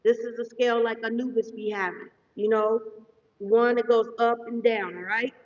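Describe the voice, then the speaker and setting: A woman giving a live-streamed meditation lesson as a spiritual teacher, talking fast and checking in with her listeners often. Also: fairly high pitch, fairly even intonation. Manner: fast-talking, says so herself; instructive, checks in often with "okay?". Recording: distant, echoey, dull sound.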